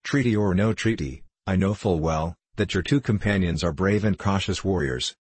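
A man's voice: deep voice, normal speed, darkish tone, slightly rough, dry recording. A man reading the part of an eager young army officer who speaks formally and politely. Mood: questioning.

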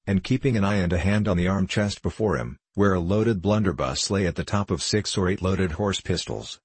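A man reads a classic novel aloud in a measured, even manner. His voice is deep and a little husky. The recording is dry and close. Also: no room sound. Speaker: audiobook narrator. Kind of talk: scripted classic novel narration.

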